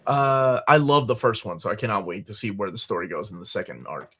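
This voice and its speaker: A man hosting a casual comics podcast panel, reading out upcoming book listings with excited asides. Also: fairly low pitch, brisk, husky. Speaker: podcast host.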